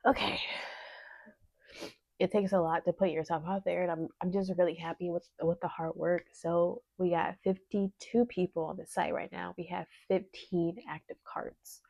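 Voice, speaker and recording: A woman who runs a small business, talking casually and emotionally to her vlog audience, sometimes teary and soft. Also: fairly low pitch, little pitch movement, normal speed, vocal fry, dry recording. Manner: emotional, teary, talks softly at times. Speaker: small business owner vlogger. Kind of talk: casual vlog talk to camera.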